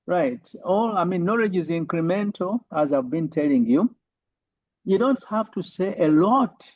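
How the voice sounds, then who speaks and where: A man's voice: a little high, no room sound. Man lecturing over lo-fi call audio. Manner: repeats "right?" as a tag, many fillers. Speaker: university lecturer. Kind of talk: online lecture.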